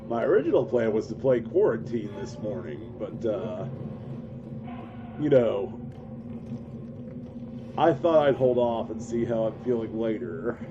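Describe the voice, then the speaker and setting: A man's voice: on the low side, a little slow, long pauses, background noise. A male gaming streamer in a casual, chatty live commentary, congested and coughing from a cold. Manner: relaxed, chatty, self-mocking jokes. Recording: dull lo-fi stream audio with game music. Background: game music.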